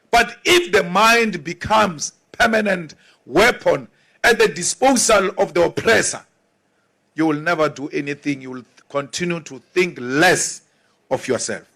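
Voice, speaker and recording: A man's voice: sits high, gravelly, sharp tone. A man from Africa, giving an emphatic, rousing political speech with mocking asides. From South Africa.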